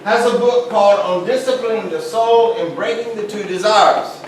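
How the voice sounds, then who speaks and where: A middle-aged man teaching a class in a relaxed, joking, conversational way. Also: high-pitched, moderate pace. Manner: conversational, jokey, asks the class questions. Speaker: Islamic studies teacher. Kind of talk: classroom lecture. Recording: very echoey room, voice far from mic, faint hiss.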